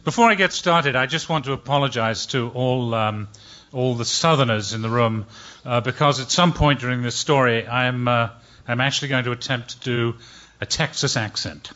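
Bright-voiced man telling a story on stage. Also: medium pitch, normal speed, highs cut off. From England. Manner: chatty, hesitant with many ums.

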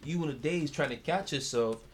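A man's voice: fairly high pitch, moderate pace, slight background noise. A man co-hosting a casual sports podcast, chiming in with crude joking remarks.

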